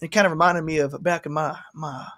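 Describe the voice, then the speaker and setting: A man's voice: fairly high pitch, steady tone, a little fast, sharp tone. A man from Texas hosting a podcast in casual chat, rambling and playful, often trailing off into filler words. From Texas, United States. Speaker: podcast host.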